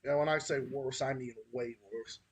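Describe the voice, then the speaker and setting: A man's voice: medium pitch, fairly even intonation, moderate pace, noisy background. A man from Massachusetts with a Massachusetts accent, hosting a podcast in a heated, profane ranting style. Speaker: podcast host.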